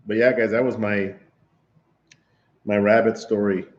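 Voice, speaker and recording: Unhurried and flat in delivery, a man with a lowish voice hosts a livestream over lo-fi sound. He tells his chat a long story casually, laughing, rambling, and restarting a lot.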